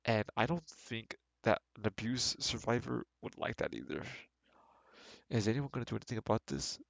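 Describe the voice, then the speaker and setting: Guy reading a book out loud and roasting it, gravelly fry, dry close sound, pretty sarcastic. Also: on the low side, sing-song, moderate pace, no room sound, dull audio. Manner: sarcastic, mocking and exasperated. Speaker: streamer reading a book aloud. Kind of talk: reading aloud with critical commentary.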